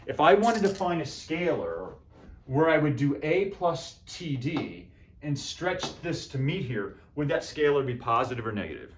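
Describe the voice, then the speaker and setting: A man's voice: fairly high pitch, very animated, moderate pace, a little hiss or hum. A man lecturing on math to a class, repeating phrases and joking with students while he works at the board. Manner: repeats phrases, jokes with students, talks to himself while writing. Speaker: math professor. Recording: roomy echo.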